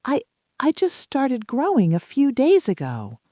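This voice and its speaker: A woman's voice: sits high, wildly swooping pitch, a little slow, dark tone, no room sound, studio quality, pitched above the performer's own voice, full character voice. Pip, a woman voicing a tiny shy sprout. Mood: timid. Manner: shy, stammering. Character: tiny shy seedling sprout, small and timid.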